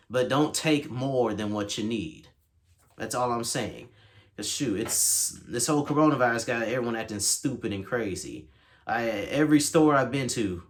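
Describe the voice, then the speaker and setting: A man hosting his own podcast, delivering a casual solo rant that is animated and exasperated, with big jumps in pitch. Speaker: podcast host.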